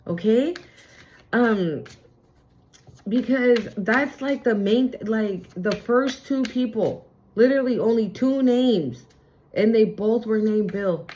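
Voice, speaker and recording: A woman's voice: a little high, takes it slowly, mellow, dull audio, a little hiss or hum. A young adult woman giving a casual spiritual reading, chatty and emphatic, with slangy fillers. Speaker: spiritual reader. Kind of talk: casual tarot-style channeled reading.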